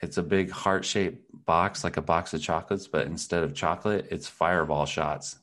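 A man's voice: low voice, normal speed. A man co-hosting a podcast, telling stories in casual, profane chat and jumping into exaggerated voices for the people he quotes. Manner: animated storyteller, swings into exaggerated quoted voices. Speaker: podcast co-host.

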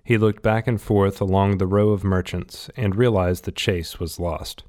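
A man reading a novel aloud in steady, scripted audiobook narration. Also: low-pitched, normal speed.

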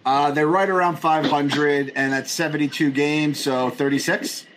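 A man co-hosting a casual sports podcast, excitable and enthusiastic, swearing casually. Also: a little high, a little slow, slight background noise. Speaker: podcast co-host.

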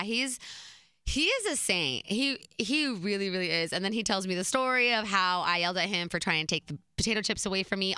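A woman in her twenties casually telling a story, chatty and animated, laughing between beats. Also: mid-range voice, clear, resonant tone, dry recording.

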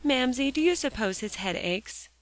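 A woman voicing a gentle little girl who asks questions softly and persistently. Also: high-pitched, animated, moderate pace, dry recording, voice pushed up.

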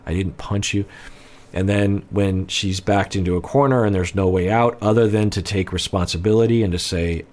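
Male counselor-host, low register, measured analytical commentary. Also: a little mellow. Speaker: relationship counselor. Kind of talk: reaction commentary.

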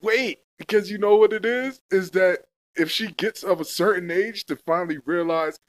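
High-voiced young man ranting, dry sound. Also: normal speed, dry recording. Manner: heated, repetitive, heavy slang and swearing. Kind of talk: casual profane rant to camera.

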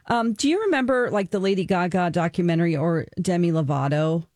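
A woman's voice: fairly low pitch, fairly quick, darkish tone, no room sound. A woman co-hosting a talk radio show, chatting earnestly and openly, talking about her own experience, recorded on a studio microphone. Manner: earnest, emotional and open, sharing personal experience. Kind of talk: casual talk-radio chat, reviewing a documentary.

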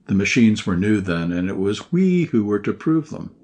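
A man reading a short story aloud in scripted first-person narration, at a measured, even pace. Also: on the low side. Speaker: audiobook narrator.

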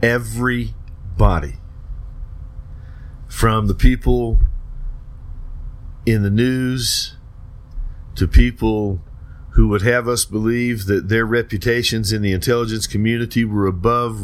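A man's voice: fairly low pitch, fairly bright tone. A man hosting a talk show, talking casually and rambling, with frequent restarts and hesitations. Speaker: radio talk host.

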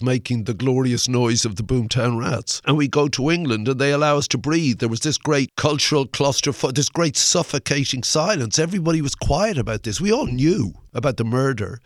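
A man's voice: mid-range voice, moderate pace, hardly any pauses, no echo. Older irish guy rambling thru a story, lots of ums, swears now and then, dry recording. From Ireland. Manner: rambling, full of fillers, swears freely. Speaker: guest musician. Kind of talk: anecdotal interview storytelling.

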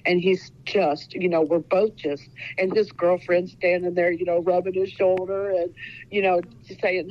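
A woman in her sixties from Ohio, USA, is an author guest in a casual interview, speaking earnestly but rambling with lots of fillers. Her voice sits on the low side with a level tone and a slightly slow pace, and the high frequencies are cut off.

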